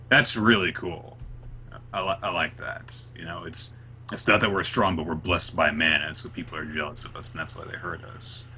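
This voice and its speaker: A man co-hosting a podcast, recapping chapters in casual chat and jumping into quick voices for the characters. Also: sits low, a little hiss or hum. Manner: animated, acts out characters' lines in quick put-on voices. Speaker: podcast co-host.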